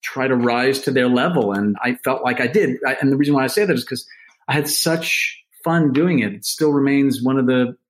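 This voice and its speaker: A middle-aged man in a relaxed interview, telling rambling stories with self-mocking asides. His pitch sits in a plain middle range, and he jumps between quick bursts and slow, drawn-out phrases. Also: poor audio. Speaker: actor guest. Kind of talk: casual interview chat.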